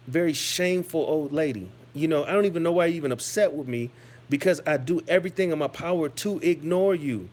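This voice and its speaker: Profane ranting man, fairly high voice. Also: darkish tone. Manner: profane, insulting, filler-heavy. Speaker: YouTube commentator. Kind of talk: casual rant to camera.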